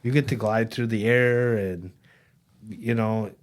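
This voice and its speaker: A man's voice: on the low side, fairly even intonation, takes it slowly. A man co-hosting a casual podcast, speaking earnestly with playful asides, recorded in an office at his workplace. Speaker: podcast co-host and peer recovery coach. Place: office in their workplace building.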